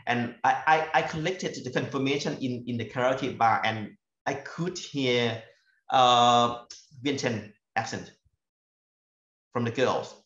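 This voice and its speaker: Halting Thai-accented man in echoey room. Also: mid-range voice, a bit bright. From northeastern Thailand. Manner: halting, repeats words while searching for phrasing. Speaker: university lecturer. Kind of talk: academic talk sharing fieldwork stories. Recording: echoey, dull lo-fi room recording.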